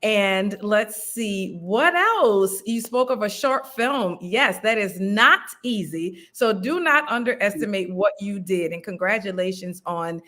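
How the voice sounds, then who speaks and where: A woman's voice: medium pitch, animated, unhurried, few pauses, bright, forceful tone. A woman, a writer and actor, chatting casually as an interview guest with frequent ums. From New Orleans.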